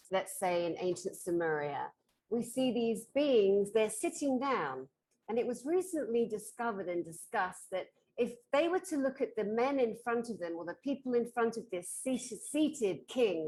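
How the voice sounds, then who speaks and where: A woman's voice: medium pitch, darkish tone. A woman interviewing a guest, asking long, chatty questions.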